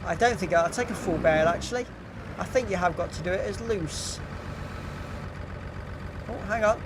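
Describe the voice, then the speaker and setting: A man's voice: sits high, normal speed, noisy background. A middle-aged English man chatting casually on a live stream, reading out viewer comments with frequent ums and uhs. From England.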